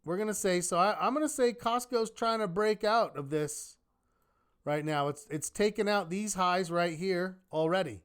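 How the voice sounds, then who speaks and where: A man teaching a live online trading class in a lively manner, often asking rhetorical questions. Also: high voice, normal speed, clear, resonant tone. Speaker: trading instructor.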